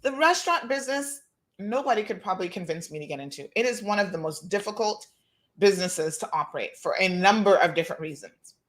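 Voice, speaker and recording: A woman's voice: mid-range voice, fast talker. Woman host telling a story. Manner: animated, acts out quoted dialogue, laughs. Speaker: talk show host. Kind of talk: casual monologue, storytelling.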